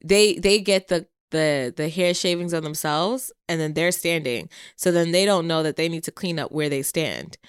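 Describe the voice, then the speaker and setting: A woman's voice: sits low, normal speed, few pauses, smooth, dry recording, studio quality. A woman co-hosting a podcast in casual chat, talking bluntly with a lot of swearing and frequent laughter. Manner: blunt, profane, laughs often. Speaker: podcast co-host.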